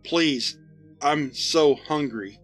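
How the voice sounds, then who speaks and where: A man reading the part of a starving, apologetic monster-man soldier, speaking slowly and softly in a begging tone. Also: on the high side, soft background music, heavily acted. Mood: pleading. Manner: slow, soft, begging.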